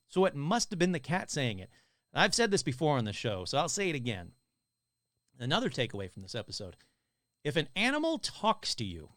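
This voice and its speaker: A man's voice: sits high, a bit bright, dry recording, studio quality. A man hosting a live podcast, reading listener stories aloud and chatting casually between them, joking and swearing. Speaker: podcast host.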